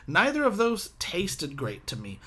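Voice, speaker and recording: A podcast co-host in casual chat. The voice swings widely in pitch as they talk. The manner is animated and playful. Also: unhurried, husky.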